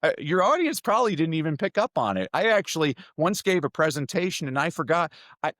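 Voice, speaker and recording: A middle-aged man, a speaking coach, telling stories energetically as a podcast guest, his voice jumping up in pitch. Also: fast, dry recording. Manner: energetic storyteller with sudden jumps in pitch. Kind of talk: podcast interview answers.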